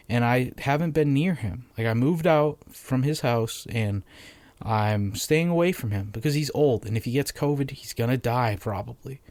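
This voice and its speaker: A man's voice: medium pitch, darkish tone, no room sound. Brief: young man, Massachusetts accent, medium voice, cursing, dry recording. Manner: profane, rambling, blunt. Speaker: podcast host. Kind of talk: casual solo podcast rant.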